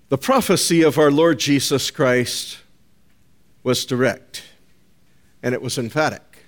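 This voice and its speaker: A man preaching a sermon to his congregation in a deliberate, emphatic manner, repeating key phrases and calling his listeners "folks". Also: medium pitch.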